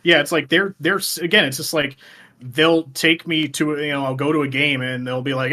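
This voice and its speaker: A man's voice: a little high, steady tone, a little fast, bright, forceful tone. A man co-hosting a casual podcast chat, acting out little scenes as he jokes. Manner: acts out little scenes while joking. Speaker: podcast co-host.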